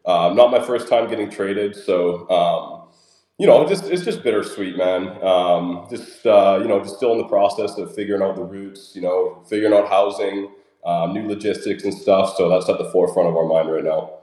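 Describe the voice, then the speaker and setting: Deep-voiced athlete in a roomy call. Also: male voice, fairly even intonation, normal speed, dark tone. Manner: laid-back, many fillers like um and uh. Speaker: guest, pro baseball outfielder. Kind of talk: casual interview.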